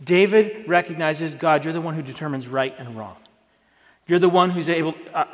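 A man preaching a sermon as a pastor, earnest and plain-spoken, rising in pitch when he presses a point. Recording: long hall reverb.

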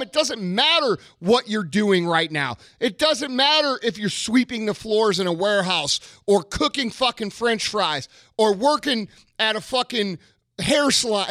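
A man's voice: very high voice, bright, forceful tone, no echo, studio quality. Profane, confrontational man ranting. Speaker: podcast host. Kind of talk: ranting monologue.

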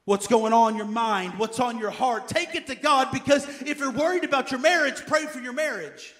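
A man with a very high voice preaches as pastor at a moderate pace. He's emphatic, repeats key phrases, and alternates between loud urging and quiet asides.

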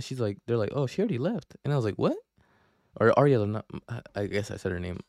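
A man's voice: on the low side, darkish tone, no echo, clean studio sound. A young man, hosting a podcast and telling a profane, slangy story with lots of restarts. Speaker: podcast host. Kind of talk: casual storytelling.

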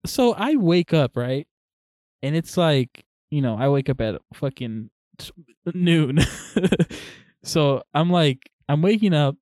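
A young man co-hosting a podcast, casually telling an animated story and swearing freely. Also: fairly high pitch, slow, no echo, studio quality. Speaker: podcast co-host. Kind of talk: casual chat.

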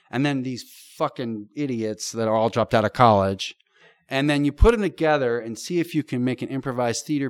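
A middle-aged man chatting casually about his improv days, spinning colorful comparisons laced with swearing. His voice sits at a middling pitch and sounds dry and close, with no room around it. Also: no room sound. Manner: vivid, profane storytelling with colorful comparisons. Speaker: podcast guest. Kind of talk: casual chat.

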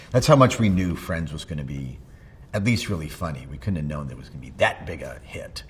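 Middle-aged male voice actor, husky low voice, animated anecdotes. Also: fast talker. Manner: animated storyteller, slips into impressions. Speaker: voice actor guest. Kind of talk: interview anecdotes.

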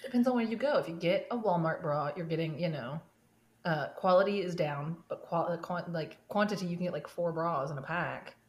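A woman with a fairly low voice chats casually as a podcast co-host. She giggles often and drifts into tangents, with a roomy echo around her. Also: fairly quick. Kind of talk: casual chat.

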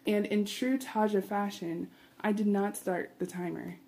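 A woman's voice: mid-range voice, steady tone, a little mellow, a little hiss or hum. A woman hosting her podcast in a casual, giggly chat, sometimes drawing out words in a sing-song way. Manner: chatty, giggly, drawn-out sing-song intro. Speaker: podcast host.

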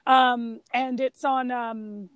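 A woman's voice: on the high side, steady tone, slow pace, smooth, no echo. A woman co-hosting a casual movie podcast, quizzing her co-host and retelling film scenes. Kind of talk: casual chat about movies.

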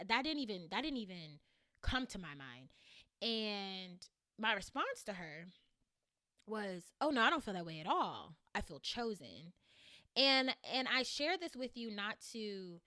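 Bright-voiced woman podcast host. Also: mid-range voice, clean tone, dry recording, clean studio sound. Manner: animated storytelling, addresses listeners as y'all. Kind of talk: casual chat.

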